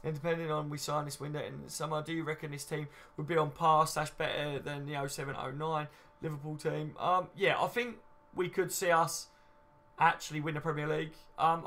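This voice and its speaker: A man's voice: on the high side, fairly bright tone. A man in his thirties hosting a casual live stream, chatting loosely and answering viewer comments with lots of ums and "you know what I mean".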